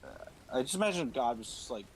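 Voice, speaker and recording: A man's voice: medium pitch, sing-song, brisk. A male streamer chatting casually and irreverently, wandering from point to point. His voice sits in a middle register with a faint hiss underneath. The talk is loose and rambling. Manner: rambling, irreverent, breaks into loud shouted impressions. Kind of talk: casual chat with put-on character voices.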